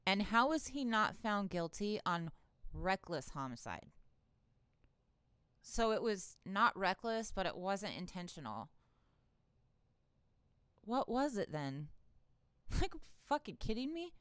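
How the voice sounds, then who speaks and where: A woman's voice: mid-range voice, very animated, slow pace, pauses often, a bit bright, clear, resonant tone, dry recording. A woman hosting her own political commentary channel, ranting in an irritated, sarcastic way with plenty of profanity and exasperated laughs.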